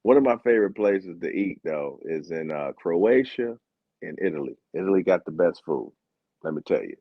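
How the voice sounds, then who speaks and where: A man's voice: sits low, moderate pace, dry recording. A man from the United States, an Olympic sprinter turned comedian, telling comic stories, laughing and acting out dialogue. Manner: animated, laughing, acts out dialogue. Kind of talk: comic storytelling. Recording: dull, dry audio.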